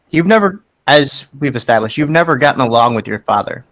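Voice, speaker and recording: A man running a tabletop game, his voice sitting at an average pitch. He narrates scenes plainly and evenly for the players. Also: fairly quick, few pauses, fairly bright tone. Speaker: game master.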